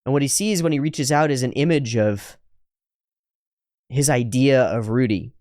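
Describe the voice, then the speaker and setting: A man's voice: mid-range voice, a little mellow, no echo, studio quality. Laid-back man riffing on an anime. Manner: narrates scenes and jumps into quick mocking character voices, laughs often. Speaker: anime reaction host. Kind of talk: casual commentary over an anime episode.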